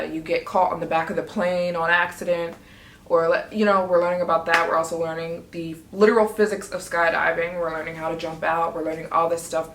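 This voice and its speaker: Chatty, excitable woman vlogger in an echoey room. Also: fairly low pitch, slight background noise. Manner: chatty, excitable, quotes herself often. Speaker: travel vlogger. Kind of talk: casual storytelling vlog.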